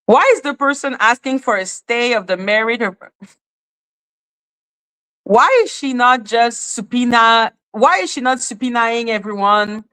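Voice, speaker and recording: A commentary host rants about a court case, her fairly high, bright voice forceful, clear and resonant, moving a little slowly. She speaks with a slightly non-native accent and piles on exasperated, profane rhetorical questions.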